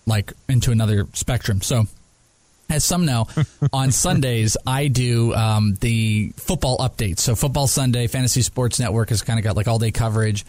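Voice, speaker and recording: Man, podcast host, casual sports banter, animated storyteller, laughs a lot, dry studio sound. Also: normal speed, no echo. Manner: animated storyteller, acts out quotes in a high voice, laughs often.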